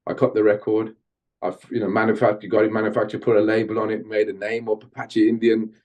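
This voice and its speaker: A middle-aged man from Birmingham, England, guesting on an interview podcast and telling stories from his music career in an animated way. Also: on the low side, fast talker. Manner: animated storyteller, slips into Jamaican-style patois when chanting. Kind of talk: storytelling interview.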